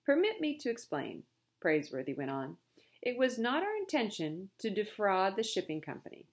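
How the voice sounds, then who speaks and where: A woman voicing a calm, polite male butler who speaks in formal, courteous phrasing. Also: medium pitch, moderate pace, voice pushed up. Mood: composed.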